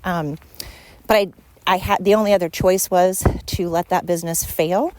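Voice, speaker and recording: A woman's voice: lowish voice, fairly even intonation, moderate pace, a little mellow, dry recording. A woman hosting a podcast, talking at home in a frank, rambling monologue as she vents. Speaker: podcast host. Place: at home with her dog.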